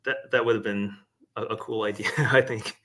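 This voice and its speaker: A man talking as a guest artist in a casual interview, hesitant and animated, with plenty of "um" and "like". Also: fairly low pitch, normal speed, slight background noise.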